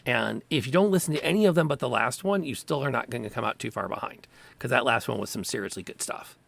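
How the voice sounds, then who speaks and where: A man's voice: mid-range voice, fast talker, creaky. A man narrating as game master of a tabletop role-playing game, describing scenes and calling for dice rolls. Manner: relaxed, descriptive, with small vocal sound effects. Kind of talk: narrating a tabletop game over a video call.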